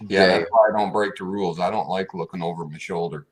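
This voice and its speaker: A man's voice: low-pitched, steady tone, fast talker. A man hosting a casual chat, laid-back, laughing along and passing the floor to others. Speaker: host.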